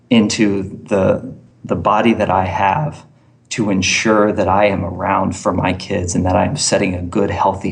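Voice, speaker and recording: A man in his thirties, a fitness coach guest on a podcast, telling a personal story in an earnest, halting way with many restarts. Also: sits low, vocal fry. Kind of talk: storytelling in an interview.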